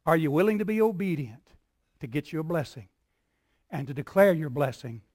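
A man preaching a sermon as pastor, building in repeated phrases and swinging from soft, low lines to loud cries. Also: lively intonation, fairly quick, no room sound, clean studio sound. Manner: preaching with call-and-response rhythm, dropping soft then shouting.

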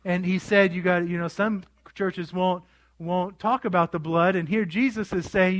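High-voiced man preaching with lively retelling. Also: a little slow. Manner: animated storytelling with quoted voices, asking the congregation. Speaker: pastor. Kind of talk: sermon.

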